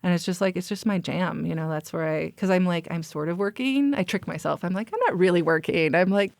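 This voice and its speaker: A woman with a lowish, smooth and resonant voice chats through her ideas in a relaxed interview. She leans on "like" and "you know" as she thinks aloud. The sound is dry and close, with little room. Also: a little fast, no echo. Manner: chatty, many "like" fillers, thinking aloud. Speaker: workplace strategy executive, guest. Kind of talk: casual interview chat.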